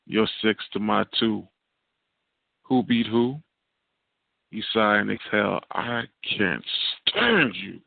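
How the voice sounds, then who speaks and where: Over a tinny, dry phone connection, a male guest poet performs spoken word with a rhythmic, repeating cadence. His fairly low voice is expressive and creaky, slow-paced with long pauses.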